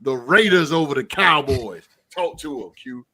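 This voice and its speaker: A man hosting a casual sports podcast, animated and slangy, often breaking into laughter. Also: medium pitch, moderate pace. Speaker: podcast host.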